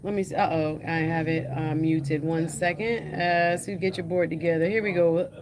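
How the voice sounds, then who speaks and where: A woman's voice: low-pitched, flat delivery, moderate pace, background noise. A woman hosting a livestream, chatting through the news in a casual, hesitant way with many fillers. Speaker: host.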